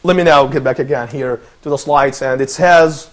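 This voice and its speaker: A man's voice: medium pitch, moderate pace. A man presenting and teaching a lesson, patient and encouraging, who often repeats his phrases.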